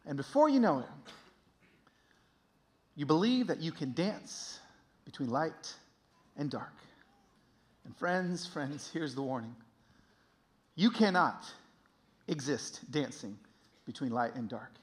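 A man in his thirties giving an emotional sermon testimony, swinging from hushed to loud. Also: fairly high pitch, very animated, a little slow, pauses often.

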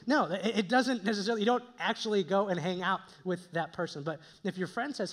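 A man's voice: high-pitched, fairly quick, few pauses, a bit bright. A young man preaching a conversational sermon, with joking asides to his listeners. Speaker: pastor.

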